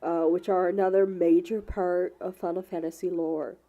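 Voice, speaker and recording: A woman's voice: fairly low pitch, little pitch movement, moderate pace, phone-quality sound. A woman with a cold, sounding congested and sniffly, hosting casual gameplay commentary in an apologetic, rambling way with many fillers. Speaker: gaming channel host.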